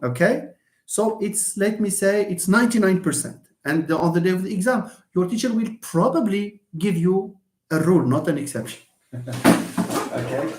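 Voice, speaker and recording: A man leads a live English pronunciation lesson, his voice rising and falling in animated swings as he patiently repeats example words. His tone sits a little higher than most men's. The sound carries the echo of a roomy space. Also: normal speed, a little hiss or hum. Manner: explains patiently, repeats words, switches between English, French and Darija. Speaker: English teacher. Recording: echoey room.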